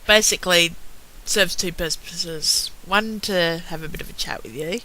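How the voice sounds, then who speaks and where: A woman's voice: on the low side, measured pace, sharp tone, poor audio. A woman, chatting at home into her webcam in a rambling, filler-heavy way. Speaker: vlogger. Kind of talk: casual chat. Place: at home by a computer. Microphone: webcam on a computer.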